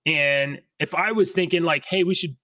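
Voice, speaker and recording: A man co-hosting a podcast, chatting casually and reading news aloud, easygoing and often clearing his throat. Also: a little high, normal speed, bright, forceful tone, dry recording, distant mic. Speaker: podcast co-host.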